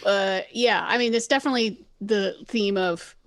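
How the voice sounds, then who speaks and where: A woman of middle pitch weighs in on a podcast with wry, thoughtful observations. Her voice is close and dry, with no room around it. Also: moderate pace, dry recording. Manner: wry, analytical. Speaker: guest podcast host. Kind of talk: casual chat.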